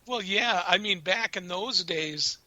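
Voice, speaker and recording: A man's voice: high-pitched, takes it slowly, bright, forceful tone, no room sound, dull audio. A man co-hosting a radio show, chatting in a laid-back, joking way. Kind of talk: casual chat.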